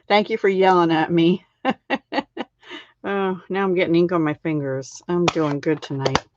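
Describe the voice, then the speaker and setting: Demonstrating card-making on a live stream, this middle-aged woman chats easily, pokes fun at herself, and often laughs at her own mistakes. She speaks at a fairly low pitch with an even intonation, unhurried and a little mellow. The sound quality is dull and lo-fi.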